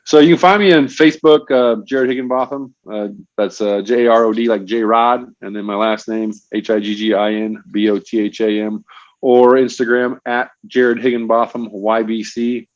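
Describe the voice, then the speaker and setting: A man's voice: mid-range voice, moderate pace, no echo. A middle-aged man, a fishing industry guest, telling stories in a casual podcast interview and often calling the host "bro" and "man.". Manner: animated storyteller, frequent "bro" and "man". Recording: dull lo-fi, dry sound.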